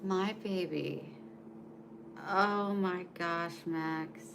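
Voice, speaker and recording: A woman's voice: on the low side, fairly even intonation, extremely slow, creaky, noisy background. A woman chatting casually on a live stream at home, talking to viewers and cooing to her dog in baby talk. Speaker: vlogger.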